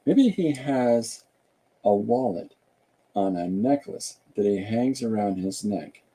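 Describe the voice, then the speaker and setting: A man's voice: mid-range voice, sing-song, slow, gravelly, warm tone, breathy edge. A man hosting a podcast, chatting casually and jokingly while he draws, rambling and musing aloud. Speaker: podcast host and artist. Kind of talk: casual chat while drawing.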